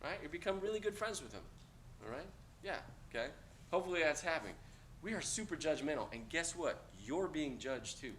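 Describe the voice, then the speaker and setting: A man lecturing a class of cadets, blunt and joking, with loud outbursts. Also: fairly high pitch, expressive, a little fast, slight background noise. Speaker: instructor.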